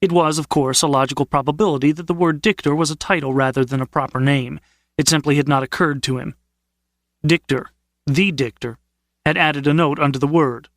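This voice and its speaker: A man narrating an audiobook in a measured, steady storytelling manner. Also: on the high side, no echo. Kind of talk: scripted narration.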